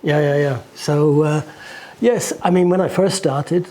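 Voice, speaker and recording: Older English man in an interview: warm, dark tone, meandering, restarts often, faint hiss behind. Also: on the high side, fairly even intonation. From England. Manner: rambling, halting with restarts. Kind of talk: casual recollection.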